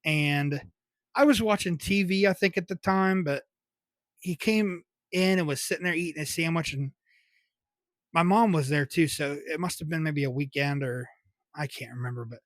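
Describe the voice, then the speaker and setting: A man's voice: a little high, normal speed, no room sound. A young man, hosting a podcast and telling casual, rambling childhood stories with swearing and laughter. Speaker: podcast host. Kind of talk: casual solo storytelling.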